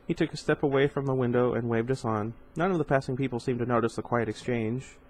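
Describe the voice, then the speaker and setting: A man's voice: medium pitch, quick pace, a little mellow, a little hiss or hum, poor audio. A man reading a novel aloud in an informal way, with casual asides and stumbles over hard words. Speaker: reader.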